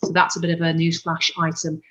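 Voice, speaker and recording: A woman's voice: low voice, monotone, fast, fairly bright tone, lo-fi sound. A woman doctor giving an earnest conference presentation over a video call, correcting herself now and then. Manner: earnest, explanatory, with self-corrections.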